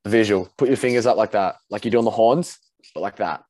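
A man's voice: lowish voice, fast, no echo. Australian man telling stories, dry sound. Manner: animated storyteller, swears, laughs easily. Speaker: podcast co-host. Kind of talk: casual chat.

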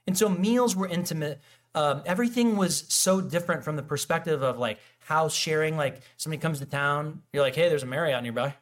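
Chatty pastor, fairly high voice. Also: male voice, a little fast. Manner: animated, acts out quoted dialogue, frequent restarts and fillers. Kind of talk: casual conversational sermon.

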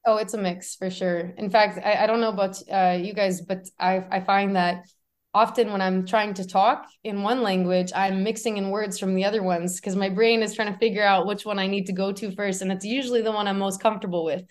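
A woman's voice: medium pitch, steady tone, fairly quick. A woman guest on a podcast, talking casually and animatedly, laughing often and restarting her sentences. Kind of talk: casual conversational storytelling.

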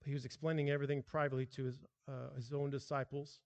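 A man preaching a sermon as pastor, animated and emphatic, with frequent restarts. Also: mid-range voice, quick pace, in a large hall.

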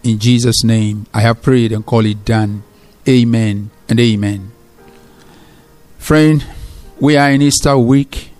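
A male pastor delivers a sermon at a mid-range pitch. He drives his points home by repeating key phrases and slows down when he reads scripture aloud. Soft music plays faintly behind him. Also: fairly even intonation.

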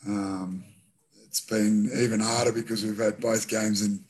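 A middle-aged Australian man, a former rugby league captain, speaking as a guest in a casual interview, relaxed and full of fillers and restarts. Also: lowish voice, unhurried.

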